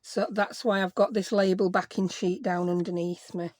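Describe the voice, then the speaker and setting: A woman's voice: on the low side, steady tone, normal speed, a little mellow, no room sound. A woman hosting a casual crafting vlog, chatty and self-deprecating, talking to herself as she works. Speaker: craft channel host.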